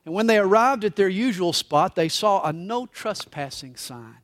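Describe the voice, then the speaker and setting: High, lively-voiced male preacher. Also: moderate pace, dry recording, clean studio sound. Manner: expressive storytelling preacher. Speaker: pastor. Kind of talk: sermon. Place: church service.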